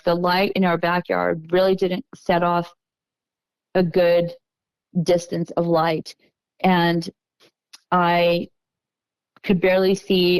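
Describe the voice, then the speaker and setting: Middle-aged woman from texas, kinda low smooth voice, slow halting storytelling w lots of restarts. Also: no room sound, poor audio. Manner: unhurried, halting recounting with restarts. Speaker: podcast guest. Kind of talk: personal storytelling.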